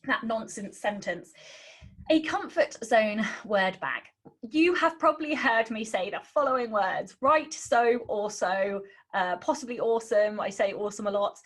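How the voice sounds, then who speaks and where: A British woman with a fairly high voice teaches a writing webinar. She talks with a cheeky, sarcastic edge and fills her sentences with ums. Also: expressive, normal speed, fairly bright tone. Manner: says um a lot. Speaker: writing instructor. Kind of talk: webinar lesson.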